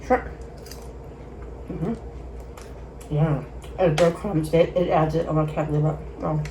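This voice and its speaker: A woman in her thirties from the Bay Area, casually telling a story while she eats, chatty and quick to laugh. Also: deep voice, fairly even intonation, noisy background. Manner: chatty, laughs often, acts out quotes loudly. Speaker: mukbang host.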